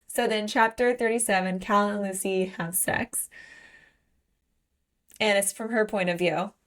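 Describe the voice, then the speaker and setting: A woman co-hosting a book podcast, chatting casually and playfully while reading romance passages aloud. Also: measured pace. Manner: playful, jumpy pitch when excited. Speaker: podcast co-host.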